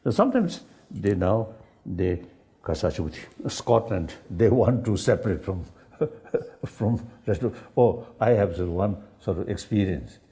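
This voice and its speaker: An older man who is not an English speaker, talking in a halting, searching way with many fillers and ready laughs. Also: low-pitched. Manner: laughs easily, animated. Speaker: spiritual leader in dialogue. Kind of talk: unscripted dialogue.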